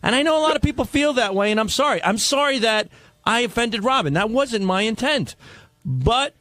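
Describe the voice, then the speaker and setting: Defensive, laughing man with a lively voice. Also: very high voice, fairly quick, no room sound. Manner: defensive and rambling, breaks into laughs. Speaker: radio show staffer. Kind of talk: heated on-air argument.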